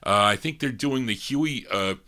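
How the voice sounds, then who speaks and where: A man's voice: medium pitch, normal speed, pushed and bright. A middle-aged man hosting a record show, chatting casually between songs and piling on details about labels, dates and requests. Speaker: radio-style record show host.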